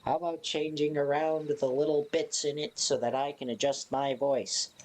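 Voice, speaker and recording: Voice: medium pitch, little pitch movement, moderate pace, a little mellow. A live streamer chatting casually to viewers in a playful, self-mocking, rambling way.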